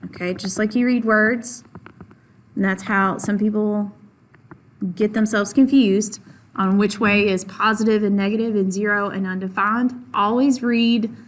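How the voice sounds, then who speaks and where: Female math teacher, patient, leans on key words, mid-pitched. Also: fairly even intonation, a little slow. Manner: patient, repeats and stresses key points; asks questions of the class and answers them herself. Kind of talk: classroom lesson.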